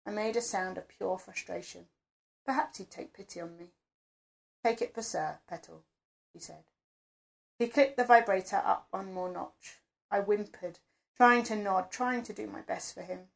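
A woman's voice: medium pitch, normal speed, vocal fry. A woman narrating an erotic first-person story in an intimate, confessional reading voice.

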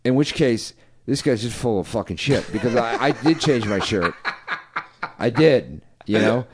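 A man's voice: medium pitch, expressive, unhurried, noisy background. A man co-hosting a podcast, ranting in casual, heavily profane banter. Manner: ranting, swears a lot. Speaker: podcast co-host.

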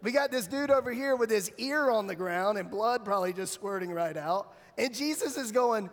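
A man pastor preaching a sermon, telling the story in an animated way with casual slang. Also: sits high, normal speed, hardly any pauses, long reverb tail.

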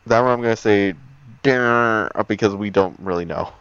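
A man's voice: on the low side, moderate pace, fairly bright tone, clean tone, no echo. A man co-hosting a casual chat, easygoing and laughing often while reading out a list. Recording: dull, dry recording.

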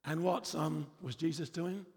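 A man's voice: on the high side, steady tone, a little slow, darkish tone, big-room sound. A man preaching a sermon in a church, emphatic and repetitive, with frequent rhetorical questions.

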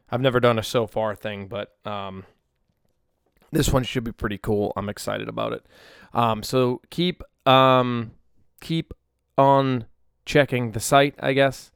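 A rambling man in his thirties chats alone on his livestreamed podcast, full of ums and self-corrections. His voice comes through smooth and resonant, recorded close and dry with almost no room sound. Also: lowish voice, a bit bright, dry recording. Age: 30s. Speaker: musician podcast host. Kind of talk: casual solo podcast chat. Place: home in Nashville. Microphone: tablet and phone livestream.

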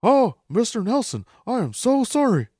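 A man voicing a fretful, earnest middle-aged cartoon dad with a strained, high voice. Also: very animated, moderate pace, warm tone, breathy edge, no echo, studio quality, heavily acted. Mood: flustered fan.

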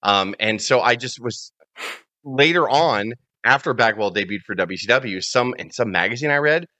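A chatty male co-host who tells stories in a bright, forceful voice. His voice sits mid-range, and the recording is close and dry. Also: medium pitch, expressive, moderate pace, dry recording. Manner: chatty storyteller. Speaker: podcast co-host. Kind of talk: casual podcast chat.

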